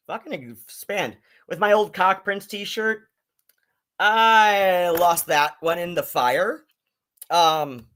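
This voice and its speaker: A man's voice: high-pitched, fairly bright tone. A man hosting a casual live-stream commentary, rambling and swearing, with many fillers and restarts.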